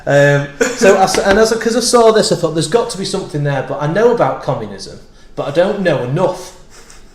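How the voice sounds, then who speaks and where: A man's voice: fairly high pitch, expressive, a little fast, slight background noise. Rambling comedian man, roomy echo. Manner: rambling, restarts thoughts, swears casually. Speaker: comedian guest. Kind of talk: casual podcast chat. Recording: roomy echoey room.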